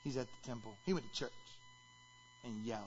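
A man preaching a sermon as pastor, animated and rising to shouts when he acts out quotes. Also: mid-range voice, fairly quick, dull audio, a little hiss or hum.

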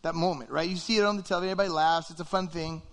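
A man preaching in a high, bright voice, loose and conversational, who acts out little quoted reactions as he goes. It is a relaxed, lively sermon. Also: very fast. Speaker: pastor.

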